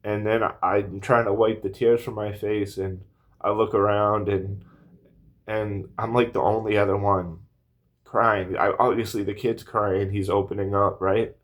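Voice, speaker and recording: A man's voice: lowish voice, flat delivery, measured pace. A man in his thirties telling a personal story to camera in a rambling, earnest way, full of fillers and restarts, a little emotional. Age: 30s. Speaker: vlogger.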